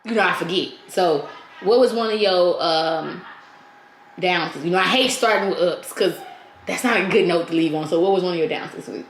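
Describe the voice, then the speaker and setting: A woman's voice: fairly low pitch, moderate pace, reverberant, slight background noise. A woman from St. Louis with a St. Louis accent, co-hosting a casual podcast chat and telling stories with lots of laughter and acted-out quotes. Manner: animated storytelling, laughing, acting out quotes. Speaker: podcast co-host.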